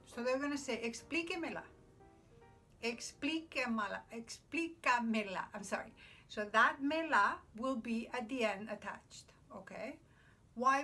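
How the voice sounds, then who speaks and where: With a slightly high, sharp-toned voice, a woman works through Spanish grammar at a classroom whiteboard that makes noise. She teaches patiently in English with examples in Spanish, checking in often by saying "okay?"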